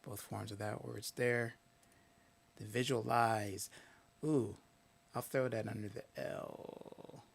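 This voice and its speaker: Male streamer, low gravelly voice, casual, mutters words under his breath while thinking. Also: fairly even intonation, takes it slowly, pauses often, a little hiss or hum. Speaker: live-stream host. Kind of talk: casual live-stream talk.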